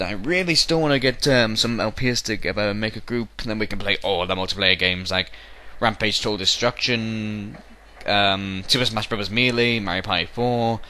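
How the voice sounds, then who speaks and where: A man's voice: lowish voice, bright, forceful tone, slight background noise. A young man giving casual game commentary at home, rambling and jokey and breaking into silly voices. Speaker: let's play commentator. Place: bedroom at home.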